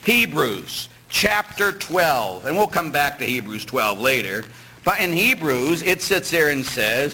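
A man's voice: fairly high pitch, sing-song, a little slow, pushed and bright, slight background noise, rough recording. A middle-aged man, a priest, preaching a sermon with rhetorical questions and acted-out voices. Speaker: Catholic priest.

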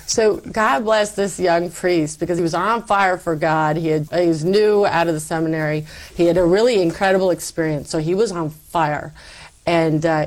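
Animated low-voiced woman telling her story. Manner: animated storyteller, acts out quoted lines. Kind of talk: personal testimony in conversation.

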